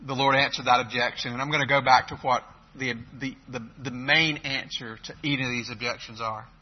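A man preaching a sermon, emphatic, swinging between loud and soft, with hesitant restarts. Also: mid-range voice, fairly even intonation, a little fast. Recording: dull lo-fi recording.

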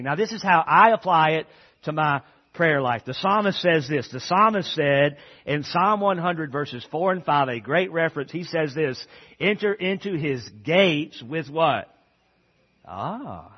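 Preacher man, dull lo-fi sound. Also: fairly high pitch. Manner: preaching with rhetorical questions to the congregation. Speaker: pastor. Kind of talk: sermon. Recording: dull lo-fi audio.

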